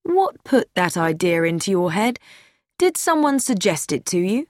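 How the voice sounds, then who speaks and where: A woman reading an audiobook, voicing a kindly male police inspector who asks calm, probing questions. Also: medium pitch, a little slow, no echo, clean studio sound.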